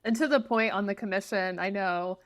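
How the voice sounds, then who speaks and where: A woman hosting a podcast interview, upbeat and encouraging, chatting casually with her guest. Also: mid-range voice. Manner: upbeat, encouraging, quick to laugh. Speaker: podcast host.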